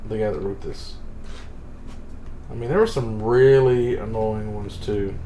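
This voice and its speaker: A man's voice: fairly low pitch, measured pace, mellow. Guy ranting about a book he hates, swears a lot, roomy echo, faint hum behind. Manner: exasperated, profane, rambling retelling. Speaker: streamer reviewing a book. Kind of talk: casual book club chat. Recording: roomy sound with faint ambient noise.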